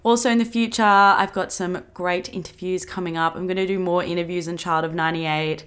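A woman's voice: lowish voice, fairly even intonation, brisk, a bit bright, clean tone. A woman in her twenties with an Australian accent, hosting a podcast in casual chat, bubbly and gushing and swearing freely. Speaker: podcast host.

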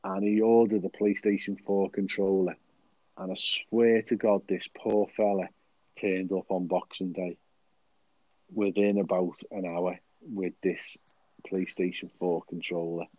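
Man, podcast co-host, rough jokey storyteller, deep warm voice, close and dry. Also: level tone, measured pace, no room sound, lo-fi sound. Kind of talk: casual podcast chat.

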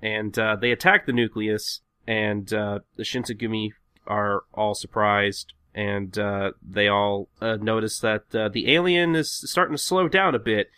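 A man's voice: fairly low pitch, a little slow, smooth, no room sound, clean studio sound. A man hosting a podcast, casually retelling comic scenes with lots of fillers. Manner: relaxed, filler-heavy retelling. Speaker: podcast host. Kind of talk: casual chat recapping a comic.

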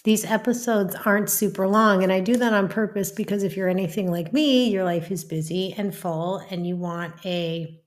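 A woman hosting a casual wellness podcast, upbeat and gushing, turning soft and soothing as she guides listeners through breathing. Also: medium pitch, fairly even intonation, moderate pace, few pauses. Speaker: podcast host.

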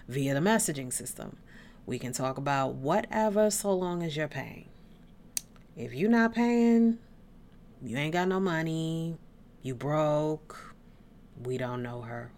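Woman, podcast host, low voice, blunt, swears often, wanders off on tangents. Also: a little mellow. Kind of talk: casual rambling monologue.

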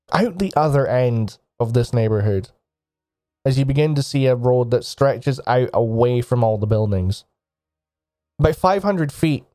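A man's voice: mid-range voice, warm tone, no room sound, studio quality. A man narrating as game master of a tabletop game, describing scenes to the players in second person.

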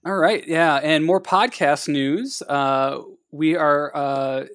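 A man's voice: on the high side, steady tone, slow pace, a bit bright, faint music behind. A man from Ohio co-hosting a podcast, chatting casually with lots of fillers and restarts. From Ohio, USA. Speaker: podcast co-host. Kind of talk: casual chat.

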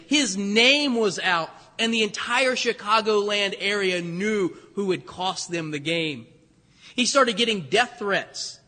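Guy preaching, high voice, kinda husky, chatty storytelling, big echoey church. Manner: animated storytelling, conversational asides. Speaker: pastor. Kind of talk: sermon. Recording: echoey hall with long reverb.

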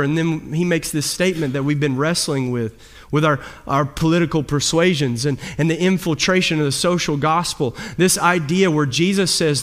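A man preaching a sermon as pastor, his delivery swinging between loud, high emphasis and low, quiet drops. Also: normal speed.

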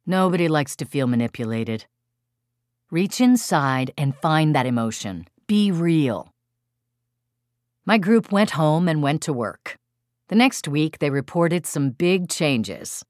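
A woman with a low voice narrates an audiobook about her parenting workshops. Her delivery is expressive and emphatic. The recording is dry and close, with no room echo. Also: takes it slowly. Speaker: author and parenting workshop leader.

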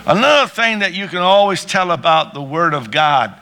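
A man's voice: a little high, expressive, normal speed, few pauses, sharp tone. A man preaching a sermon with rising fervor, calling out to his congregation and breaking into prayer. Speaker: pastor.

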